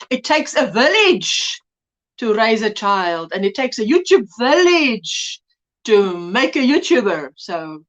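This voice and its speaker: A woman with a fairly high, slightly bright voice hosts a casual crochet livestream, chatting, teasing, and greeting viewers by name. She sounds a little out of breath, and the audio is lo-fi.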